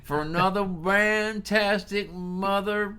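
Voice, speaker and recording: A man's voice: sits high, steady tone, slow pace, sharp tone, clean tone. A British man co-hosting a reaction video, chatty, loose and laughing often. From Britain. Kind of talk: casual reaction chat.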